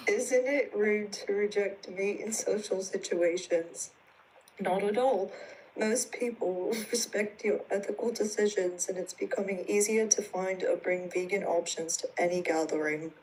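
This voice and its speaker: A woman calling into a livestream, speaking and reading in a flat, deadpan way. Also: medium pitch, unhurried, slight background noise, low-quality recording. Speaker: caller. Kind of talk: livestream call.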